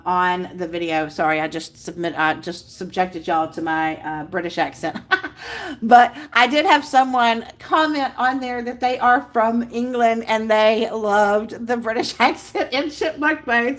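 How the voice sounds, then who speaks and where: A bubbly woman chats live with her viewers, gushing over each one by name. Her voice sits a little on the high side for a woman. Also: unhurried, fairly bright tone. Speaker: livestream host. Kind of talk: casual live chat with viewers.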